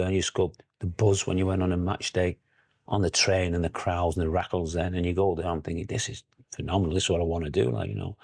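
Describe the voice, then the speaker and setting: Gravelly Scouse older man, chatty. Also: deep voice, darkish tone, no echo, studio quality. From Liverpool area. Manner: rambling, chatty, laughs often, lots of "like, you know". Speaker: guest, former footballer. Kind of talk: casual interview chat.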